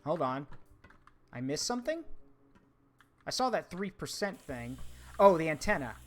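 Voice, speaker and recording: A man with a fairly high, very animated voice streams a game at a slightly slow pace, offering casual commentary. He chats with his viewers while he works and hums tunes along the way.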